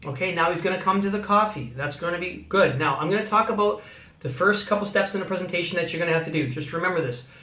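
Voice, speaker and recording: High-voiced man coaching in an echoey room. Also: a little fast, bright, forceful tone. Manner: coaching, acts out sample phone calls. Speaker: sales trainer. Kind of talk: instructional talk to camera. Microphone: phone. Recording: echoey room, phone mic.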